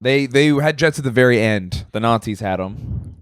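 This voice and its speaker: A young man co-hosts a podcast and talks casually, swearing freely and acting out little scenes as he goes. His voice sits at a middle pitch. The sound is dry and close, with no room around it. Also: normal speed, clean tone, dry recording. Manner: profane, animated storytelling with acted-out quotes. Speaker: podcast co-host. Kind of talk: casual chat.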